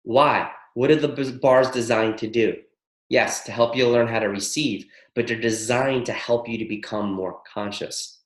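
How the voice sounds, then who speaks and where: An excitable man teaching a spiritual workshop over a call, cursing freely as he talks. His voice sits in a middle pitch range. The room around him is noticeably echoey. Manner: excitable, swears freely, rapid-fire incantation lists. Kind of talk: live teaching call with interpreter.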